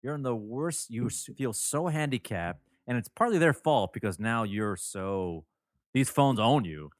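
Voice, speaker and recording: A man's voice: medium pitch, animated, a little slow, no echo, clean studio sound. Wry, sarcastic podcast host man. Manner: wry, sarcastic reactions and rants. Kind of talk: casual podcast chat.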